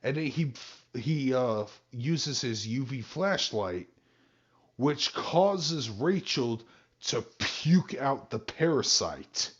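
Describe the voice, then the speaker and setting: A man chatting casually on a podcast, retelling things with lively swings and fillers. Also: mid-range voice, slow pace, slightly rough, lo-fi sound. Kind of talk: casual chat.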